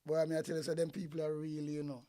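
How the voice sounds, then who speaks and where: A man's voice: on the high side, level tone, racing, dark tone. A man with a Jamaican accent, giving heated, profane political commentary in patois.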